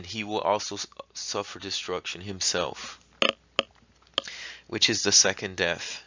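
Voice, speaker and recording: A man's voice: lowish voice, pushed and bright, no echo. A man reading Bible verses aloud and explaining them in a teaching, stopping to correct his misreadings. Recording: dry, muffled lo-fi recording.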